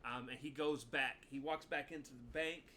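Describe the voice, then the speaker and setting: Bright-voiced man recapping an episode. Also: mid-range voice, normal speed, a little hiss or hum. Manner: plot-summarizing, steady, many ums. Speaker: podcast co-host.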